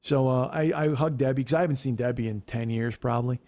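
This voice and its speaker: A man in his forties hosting a podcast, telling a story in casual chat, profane, animated and self-mocking. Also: medium pitch, quick pace. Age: 40s. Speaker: podcast host.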